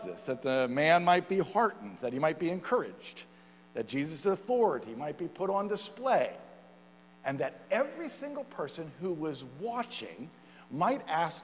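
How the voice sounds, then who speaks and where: Pastor preaching in a reverberant hall. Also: male voice, fairly high pitch, sing-song, normal speed, a little hiss or hum. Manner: conversational, with fillers and laughs. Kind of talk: sermon.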